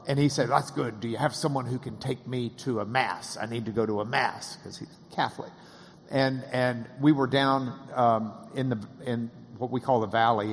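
Man telling a lively story in a reverberant hall. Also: medium pitch. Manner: animated, acts out quoted voices, laughs often. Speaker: interviewer and storyteller. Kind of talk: casual anecdotal storytelling.

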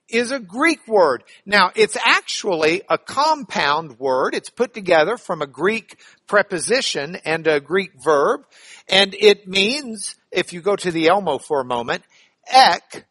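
A man's voice: sits high, pushed and bright, no echo. A man teaching a church Bible class in a playful, joking way, spelling out words.

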